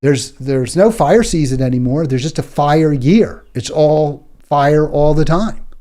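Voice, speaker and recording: Fired up guy hosting a political show, warm mellow voice, indignant, keeps repeating himself. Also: fairly high pitch, measured pace. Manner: indignant, exasperated, repeats words when worked up. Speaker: political talk show host. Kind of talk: political commentary monologue.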